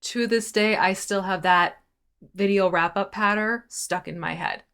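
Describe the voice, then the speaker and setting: A woman's voice: mid-range voice, unhurried, a bit bright, clear, resonant tone. A woman co-hosting a live painting stream, answering in an easygoing way with short, agreeable replies. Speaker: stream co-host painting miniatures.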